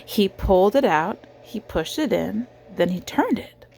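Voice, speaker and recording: A woman reading a picture book aloud to a child in a gentle, animated way, pausing to ask the child questions. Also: mid-range voice, creaky, slight background noise. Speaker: reader of children's books.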